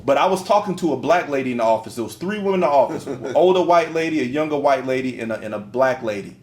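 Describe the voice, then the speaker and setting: A middle-aged man with a medium-pitched voice talks fast while co-hosting a podcast, telling stories in a casual, slangy, emphatic way. The recording has a roomy echo.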